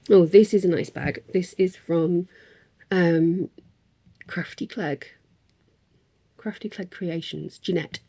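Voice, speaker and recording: A woman's voice: lowish voice, extremely slow, long pauses, dark tone, breathy edge. A woman in a casual craft vlog, chatting in a rambling way with frequent ums and little laughs. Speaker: craft vlogger. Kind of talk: casual chat.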